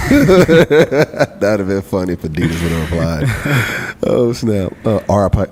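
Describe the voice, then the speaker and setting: A young man co-hosting a casual podcast, animated and teasing. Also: deep voice, measured pace. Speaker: podcast co-host. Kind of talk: casual chat. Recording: faint room noise.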